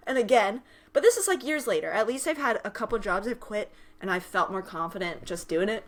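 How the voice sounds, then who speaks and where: A woman's voice: a little high, a little fast. A young woman hosting a podcast, telling stories in casual chat and acting out the people she quotes. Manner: animated storytelling, acts out quoted voices, laughs often. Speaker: podcast host.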